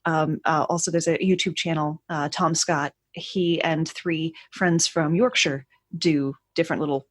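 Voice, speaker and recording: A woman's voice: deep voice, fairly even intonation, measured pace, no room sound. An American woman guesting on a podcast, chatting casually with a wry, tangent-prone manner. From United States. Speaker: podcast guest, trivia writer.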